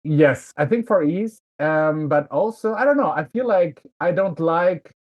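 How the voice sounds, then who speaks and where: A man with a German accent, a guest in a casual interview, speaking thoughtfully with frequent pauses and fillers. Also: fairly high pitch, animated, dull audio.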